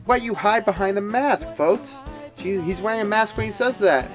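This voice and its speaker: A man's voice: sits high, expressive, normal speed, soft background music. A man giving sarcastic video commentary, rambling with frequent restarts and asides. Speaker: commentary youtuber.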